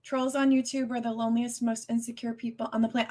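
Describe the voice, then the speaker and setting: A woman ranting on her live stream, upset and agitated, talking in halting bursts with lots of restarts and swearing. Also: a little high, flat delivery. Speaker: livestreamer. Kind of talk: casual live-stream rant.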